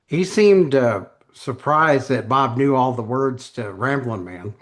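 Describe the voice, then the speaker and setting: A man hosting a podcast, asking questions in a relaxed, casual way. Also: medium pitch, slow. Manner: relaxed, short reactions and laughs. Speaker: podcast host. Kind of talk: casual interview.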